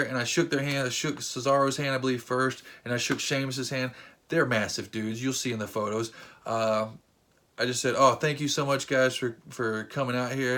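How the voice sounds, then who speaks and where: A man recounting a story for his vlog, talking in a loose, rambling way full of "uh"s and restarts. He gets excitable as he goes, and his voice sits at an ordinary middle pitch. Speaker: vlogger and wrestling fan.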